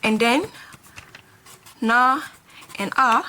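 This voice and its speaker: Bright-voiced woman teaching a lesson. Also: medium pitch, a little hiss or hum. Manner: patient, repeats sounds slowly while writing. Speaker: Korean teacher. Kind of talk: beginner language lesson.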